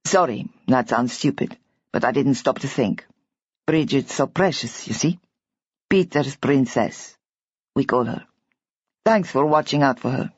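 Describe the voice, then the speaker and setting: A woman reading an audiobook, voicing a gruff, agitated young man who scolds and then softens. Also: rumbling low, lively intonation, unhurried, long pauses, no echo, voice pushed down, heavily acted. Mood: sheepish. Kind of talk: audiobook character voice. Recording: dull, dry audiobook recording.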